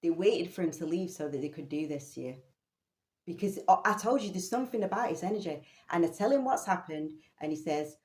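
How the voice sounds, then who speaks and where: Woman ranting thru a story, low voice, echoey room. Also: fast. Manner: animated, swears casually. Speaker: vlogger. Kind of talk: personal storytelling.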